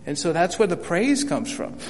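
A man's voice: sits high, big pitch swings, moderate pace, darkish tone. An older man teaching a Bible study in a folksy, conversational way, often repeating words and acting out the lines he quotes. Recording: reverberant hall with faint hum.

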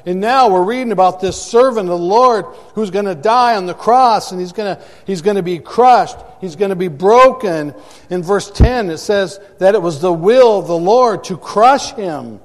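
A man's voice: high-pitched, lively intonation, moderate pace, in a large hall. A man preaching a sermon to a congregation, emphatic and repeating words for effect, recorded in a church sanctuary. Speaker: pastor.

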